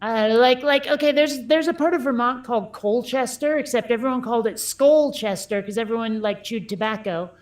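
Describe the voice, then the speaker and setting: A woman with a high voice chats casually. She is playful and a little bratty, and she rambles with plenty of filler words. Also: a little fast, hardly any pauses. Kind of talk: casual chat.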